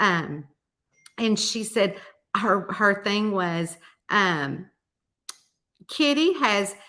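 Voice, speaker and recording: A woman's voice: mid-range voice, animated, drawn-out words, pushed and bright. A middle-aged woman, chatting casually and telling a folksy story, acting out the quotes. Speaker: mystery author hosting a weekly chat.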